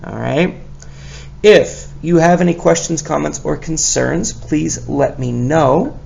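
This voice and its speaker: Slow, gravelly-voiced male teacher. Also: fairly high pitch, a little mellow, slight background noise. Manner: patient, sounds out letters and praises often. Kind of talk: recorded lesson for young children.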